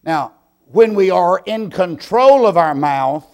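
A man preaching a sermon, slow and deliberate, swelling into loud emphatic bursts. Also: high voice, lively intonation.

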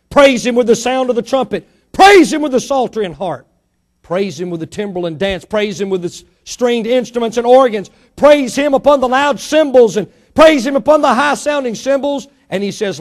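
A man with a noticeably high voice delivers a church sermon. He is middle-aged and emphatic, pressing rhetorical questions and letting his voice climb and drop for effect. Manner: emphatic preacher, rising and falling dynamically, rhetorical questions. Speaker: pastor.

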